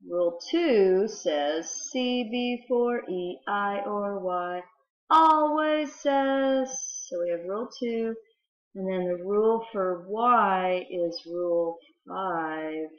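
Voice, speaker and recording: A patient woman teacher with a mid-range voice takes young children through a spelling lesson at an unhurried pace, sounding out each letter. The recording is roomy and somewhat dull, like a simple home setup.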